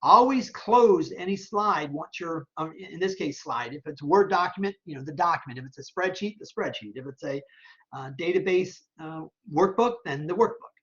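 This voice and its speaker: A male instructor talking students through a software task on screen, checking each step aloud and often asking "okay?". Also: a little high, expressive, normal speed, lo-fi sound. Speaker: college instructor. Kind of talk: screen-recorded software tutorial. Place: at a computer, voice-over on screen capture.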